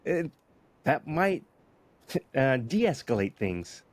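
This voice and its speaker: A man's voice: mid-range voice, moderate pace, no room sound. A man hosting an interview, chatting casually with fillers. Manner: conversational, with fillers. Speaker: podcast host.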